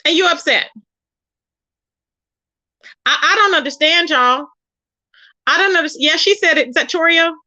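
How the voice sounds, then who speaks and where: A woman's voice: very high voice, fairly quick, bright, forceful tone. A woman hosting a casual gossip commentary livestream, sassy and emphatic, often mimicking others in a raised voice. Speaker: YouTube commentary host. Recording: dull lo-fi sound.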